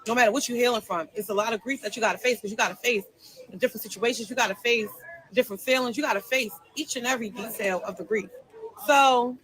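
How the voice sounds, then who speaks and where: High, bright, emphatic woman venting. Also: quick pace, low-quality recording. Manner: emphatic and repetitive, heated. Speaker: livestreamer telling her side. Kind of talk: venting on a livestream.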